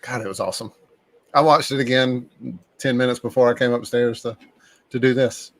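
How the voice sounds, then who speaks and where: A man with a middle-pitched voice chats as a podcast co-host, eager and quick to laugh. His voice sounds dry and close, with no room around it. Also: no echo. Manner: excited, chatty, laughs often. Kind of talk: casual chat.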